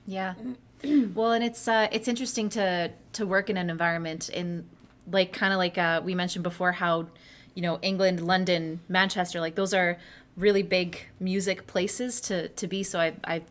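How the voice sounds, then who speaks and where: Low-voiced young Canadian woman hosting. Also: steady tone, normal speed. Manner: friendly, self-deprecating, filler-heavy questioning. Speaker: host. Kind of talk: casual chat.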